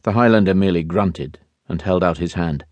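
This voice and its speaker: A man narrating a historical romance audiobook in measured, expressive storytelling. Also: deep voice, no echo, lo-fi sound. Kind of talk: scripted narration.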